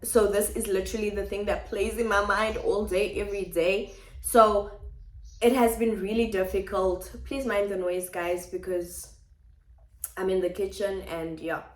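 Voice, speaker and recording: A woman's voice: mid-range voice, steady tone, a little slow. A woman vlogging at home, talking things through in a reflective, repetitive way. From South Africa. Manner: reflective, speaks in repeated phrases. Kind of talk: personal vlog confiding to viewers. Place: home kitchen. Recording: echoey kitchen.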